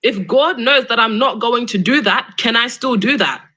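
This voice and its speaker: A woman's voice: a little high, normal speed, pushed and bright, breathy edge, poor audio. A young woman hosting a live debate stream, argumentative and exasperated, pressing her question again and again. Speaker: livestream debate host.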